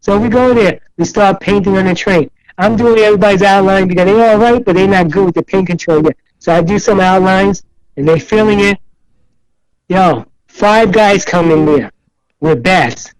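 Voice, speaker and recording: A man's voice: high-pitched, moderate pace, no echo, low-quality recording. An older man, a guest in a casual interview, telling rambling stories and acting out the other voices. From New York City. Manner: rambling, animated storyteller who acts out other voices in quotes.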